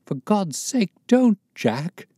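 A man's voice: sits high, big pitch swings, slow, warm tone, breathy edge, dry recording, clean studio sound, voice pushed up, heavily acted. A man voicing a proud, desperate young wife in an audiobook reading, pleading in a strained, raised voice.

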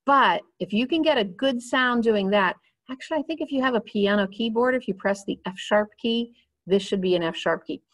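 A woman teaching a beginner's clarinet lesson in a patient, instructive way. Her voice sits a little higher than most women's. She walks through each step while handling the instrument. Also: normal speed.

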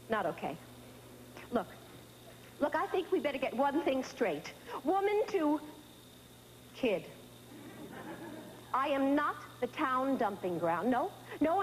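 Frazzled middle-aged mom, high-voiced and frantic, stammers and scolds an unseen teen. Theatrical monologue delivery. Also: female voice, a little hiss or hum, rough recording. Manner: frantic, stammering, exasperated, talking to an unseen child. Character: frazzled middle-aged mother of a teenage daughter. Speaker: stage actress in a one-woman show. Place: theater stage.

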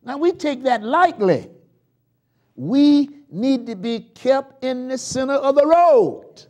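A man preaching a live church sermon, swinging from loud shouts down to hushed murmurs and leading the congregation in call-and-response chants. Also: very high voice, expressive, slow pace. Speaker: pastor. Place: church sanctuary.

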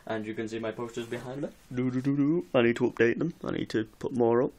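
A man's voice: mid-range voice, steady tone, fast talker, a little mellow. A man vlogging in his bedroom in casual, rambling chat to camera, giggling often. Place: bedroom with music posters on the wall.

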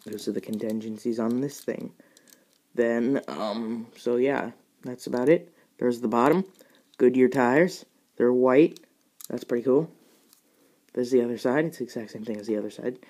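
A man's voice: medium pitch, normal speed, mellow. A young man giving a casual, rambling review of a model car, chatty and self-mocking, with plenty of fillers.

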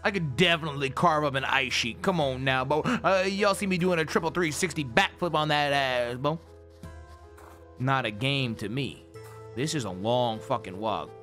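A man streaming a game, reacting with excitable, profane, slangy banter. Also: mid-range voice, moderate pace. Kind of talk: live gameplay reaction. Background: game music.

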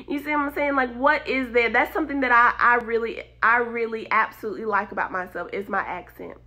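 A young woman with a Southern country accent gives an informal devotional talk, emphatic and lively, often breaking into laughter. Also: on the high side, a little fast. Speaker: devotional speaker.

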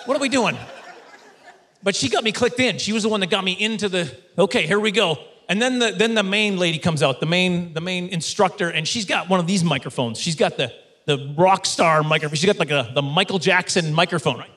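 High, bright-voiced male stand-up comic. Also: a little fast. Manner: animated storytelling, mock voices for others. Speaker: stand-up comedian. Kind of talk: stand-up comedy routine. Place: stage before a live studio audience.

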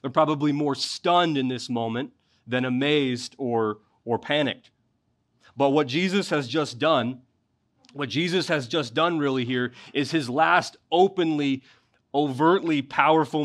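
A man preaches from the pulpit, reading scripture and then explaining it in a conversational way. His voice sits at an ordinary pitch and swells with fervor when he drives a point home. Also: a little slow, fairly bright tone. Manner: expository preaching, rising in intensity at key points. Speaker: pastor. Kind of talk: sermon.

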